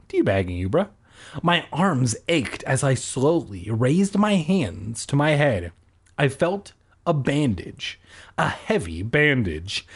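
Husky man reading a story slowly. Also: on the high side. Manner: sarcastic, profane asides. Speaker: reader. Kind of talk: comedic book reading with asides.

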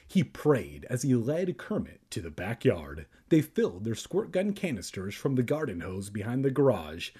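A man's voice: medium pitch, big pitch swings, normal speed, few pauses, a little mellow, slightly rough. A man reading a children's book aloud and breaking off for sarcastic, crude asides. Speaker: reader.

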